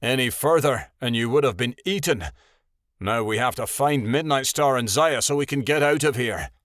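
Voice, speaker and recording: A man's voice: mid-range voice, lively intonation, moderate pace, fairly bright tone, dry recording, clean studio sound, close to an everyday voice. A man voicing a serious, protective young male wolf. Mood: stern. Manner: stern, urgent.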